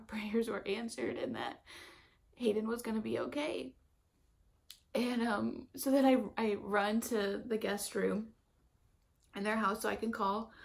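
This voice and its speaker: A young pregnant vlogger tells a story in a chatty, casual way, laughing as she goes and using lots of fillers while emotionally retelling events. Her voice is fairly high with vocal fry.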